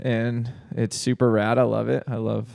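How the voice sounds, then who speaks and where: A man's voice: medium pitch, flat delivery, moderate pace, vocal fry, a little mellow, no echo, studio quality. A young man co-hosting a casual comedic podcast, telling stories, laughing often and saying "dude" a lot. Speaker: podcast co-host.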